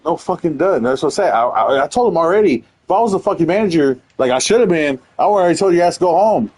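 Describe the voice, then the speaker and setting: A young man chatting casually while gaming, animated and heavy on swearing, acting out the people in his stories. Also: fairly high pitch, fast talker, husky, low-quality recording. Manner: profane, animated storytelling, mimics others. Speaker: streamer.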